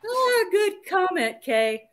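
A woman's voice: very high-pitched, sing-song, takes it slowly, a little hiss or hum. A woman hosting a casual livestream chat, reading viewer comments aloud in a chatty, playful way.

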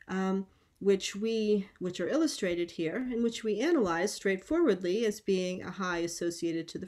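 A middle-aged woman lecturing on linguistics at an academic conference, explaining at a measured pace and often pausing on "um". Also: medium pitch. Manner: measured, explanatory, with frequent ums.

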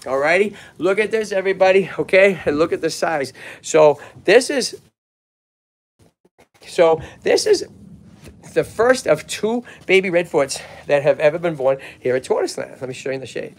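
A man from Lowell with a Boston-area Massachusetts accent hosts a casual outdoor livestream at his tortoise sanctuary, talking at normal speed. Filming himself on a handheld phone in the tortoise yard, he chats eagerly with viewers and his animals.

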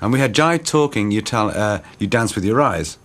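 A man with a low voice tells a studio story in an interview. His pitch swings widely as he speaks, and he is quick to slip into other people's voices. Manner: animated storyteller doing voices. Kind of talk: anecdotal interview.

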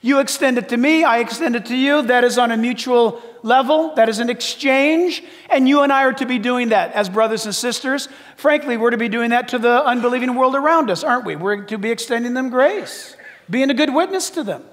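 An older man preaching a sermon as pastor, emphatic and shouting at times, then dropping to soft asides. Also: extremely high pitch, brisk, in a large hall.

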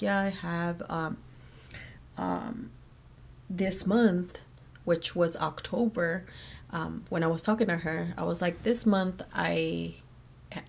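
A woman's voice: fairly low pitch, vocal fry. A young woman telling a personal story to camera in a casual vlog, with lots of fillers and acted-out quotes from the people involved. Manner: chatty, many fillers and quoted dialogue. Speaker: vlogger. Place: her bedroom.

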